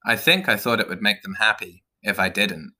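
Man as a jittery storybook mouse, whiny and unsure, bright tense voice. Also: lowish voice, moderate pace. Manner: whining, hesitant. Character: anxious, whiny male mouse.

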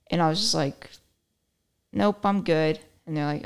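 A woman's voice: deep voice, a little slow, long pauses, smooth. A young woman hosting a podcast, chatting casually and telling stories with a sarcastic edge. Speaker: podcast host. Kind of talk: casual chat.

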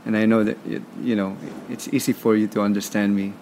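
With a lowish, darkish voice and a level tone, a Filipino man with a Filipino accent talks briskly as a podcast guest, some slight background noise audible. He's emphatic and motivational throughout the interview, repeating words for effect.

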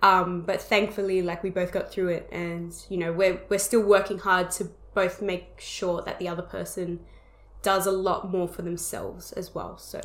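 A young woman co-hosting a relaxed podcast, speaking reflectively and supportively with frequent "um" and "like." Her voice sits on the lower side, and the recording picks up the echo of the room. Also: normal speed. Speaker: podcast co-host. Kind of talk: casual conversational podcast chat. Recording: roomy echo.

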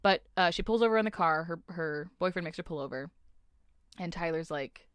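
Speaking at a normal pace in a fairly low voice, this young podcast co-host recounts a novel's story with lots of swearing and acted-out character dialogue. The casual book-club chat is recorded cleanly in a studio with no room sound.

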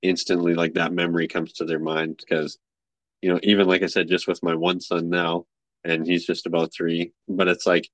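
A young man hosting a podcast in a relaxed, casual way, filling his talk with likes and you knows. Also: sits low, moderate pace, dry recording. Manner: relaxed, many fillers, affirming. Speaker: podcast host. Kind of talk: casual chat.

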